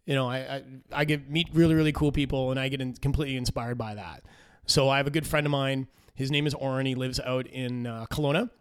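A man talking casually as a brewer guest, rambling and animated as he tells stories. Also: mid-range voice, smooth. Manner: rambling and animated, quick laughs. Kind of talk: casual interview chat.

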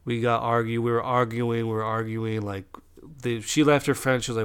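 A man's voice: medium pitch, level tone, fairly quick, fairly bright tone, clean tone. A young man from Southern California telling a story in a casual, profane rant, full of filler words.

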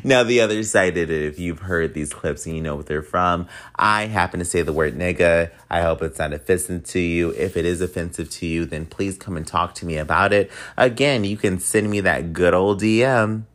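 A man with a low voice hosts his podcast in a loose, chatty manner. His tone is nasal and a little whiny, and he talks earnestly and repeats himself. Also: moderate pace, few pauses, fairly bright tone. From United States. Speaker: podcast host. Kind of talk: casual podcast outro.

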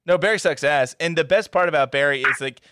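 Over a noisy background, a fast-talking podcast co-host chats casually about a movie. He's animated and swears freely, mocking the film's characters with high, shouted impressions.

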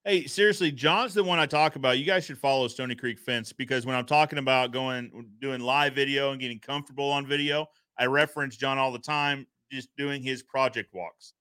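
A man's voice: mid-range voice, fairly quick, hardly any pauses, bright, forceful tone, smooth, dry recording, studio quality. A man hosting a podcast in casual live-stream chat, upbeat, greeting viewers and reading their comments aloud. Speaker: podcast host.

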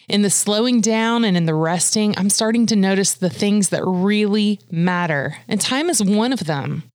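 A woman hosting a podcast, reading a reflective monologue in a gentle, unhurried, thoughtful way. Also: mid-range voice, dry recording, studio quality. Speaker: podcast host.

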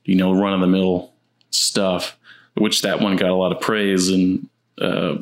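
Halting low-voiced man chatting. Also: little pitch movement. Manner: halting, repeats words while searching. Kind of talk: casual chat about movies.

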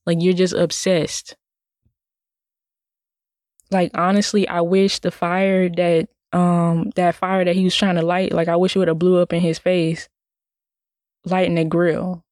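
A woman's voice: lowish voice, level tone, unhurried, pauses often, darkish tone, no room sound. Indignant woman with a dry, close sound. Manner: indignant, rambling, many "like" fillers and restarts. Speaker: vlogger. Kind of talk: casual personal monologue.

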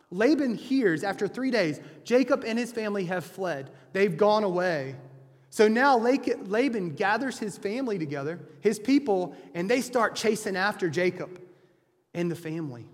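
A man's voice: sits high, in a large hall. A man preaching a sermon, retelling a scripture story in a conversational way with frequent restarts.

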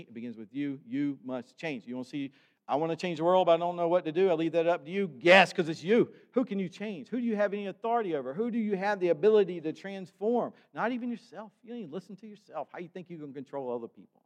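An older man preaching a sermon with emphatic delivery that builds to loud exhortation. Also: mid-range voice, big-room sound. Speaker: pastor.

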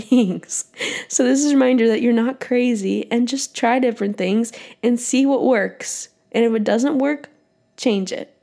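A woman's voice: fairly high pitch, darkish tone. A young adult woman hosting a solo podcast, talking in a casual, encouraging way with lots of "like" and some mild swearing. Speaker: podcast host.

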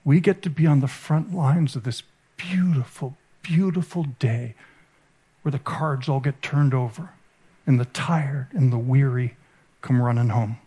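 A man giving a sermon at a conference, telling an emotional story with halting, repeated starts. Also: medium pitch, warm tone, slightly rough. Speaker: conference speaker. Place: conference stage.

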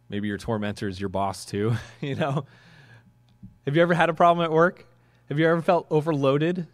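A man's voice: medium pitch, no room sound. A man preaching a sermon in a conversational way, with chuckling asides and questions to the congregation. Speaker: pastor.

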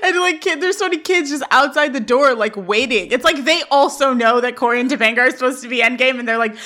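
A woman's voice: high voice, quick pace, sharp tone. A young woman co-hosting a podcast, recapping scenes in casual chat, giggling and acting out the quotes. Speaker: podcast co-host.

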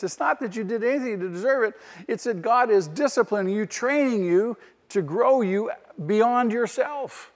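A male pastor delivers a sermon in a church, pressing his points and firing rhetorical questions at the congregation. His voice sits fairly high for a man. The sound carries a long hall reverb. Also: expressive, moderate pace.

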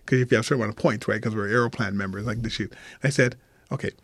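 A man's voice: on the low side, steady tone, very fast, fairly bright tone, dry recording. A man telling a story as a podcast guest, acting out the other people's lines as he goes. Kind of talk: animated storytelling. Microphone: remote call.

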